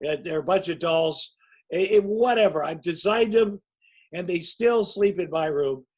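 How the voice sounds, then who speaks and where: A man in his sixties with a notably high voice spins loose, rambling anecdotes as a guest. He tells them casually and pokes fun at himself as he goes. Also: normal speed, darkish tone, low-quality recording. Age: 60s. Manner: rambling, anecdotal, self-mocking. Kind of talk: casual storytelling.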